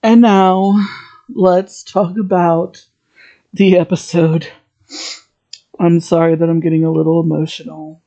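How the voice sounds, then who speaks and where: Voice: mid-range voice, little pitch movement, measured pace, long pauses, warm tone, muffled recording. A podcast host giving a heartfelt, rambling solo monologue.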